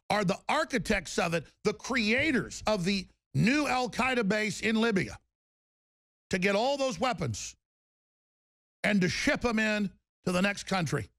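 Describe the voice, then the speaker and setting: A man's voice: high voice, vocal fry, fairly bright tone, no room sound, clean studio sound. A man delivering an angry political rant, heated and emphatic, with mocking asides. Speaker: political commentator.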